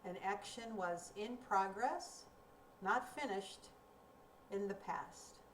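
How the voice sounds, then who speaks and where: A woman teaching a recorded grammar lesson, speaking slowly and clearly in a deliberate teaching manner. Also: mid-range voice. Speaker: ESL teacher. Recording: roomy, distant mic with faint room noise.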